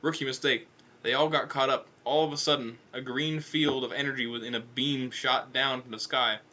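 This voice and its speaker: A man's voice: medium pitch, steady tone, normal speed, bright, forceful tone, dull audio. A man narrating a comedic audiobook in a casual, offhand way with irreverent asides.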